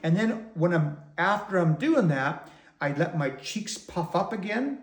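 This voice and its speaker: Male didgeridoo teacher, slightly high voice, patient and methodical, roomy echo. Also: big pitch swings, a little slow. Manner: patient, step-by-step explaining. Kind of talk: instructional demonstration.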